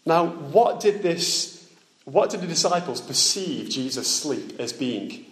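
A man preaching a sermon in plain words, asking his listeners direct questions and dropping soft and low on solemn points. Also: expressive, slow pace. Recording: echoey room.

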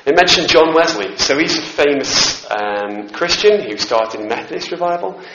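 This preacher's voice sits fairly high, and he speaks at a normal speed with animation, giving a conversational, self-deprecating sermon in a church hall full of asides to those present. Background noise runs under a roomy, slightly dull hall recording.

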